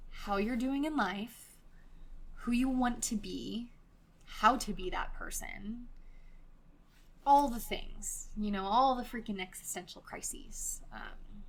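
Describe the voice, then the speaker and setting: A woman from California talks through a casual solo podcast in a Valley girl accent, with a gravelly fry running under her words. Her talk is chatty and loose, full of "like" and easy swearing. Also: medium pitch. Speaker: podcast host.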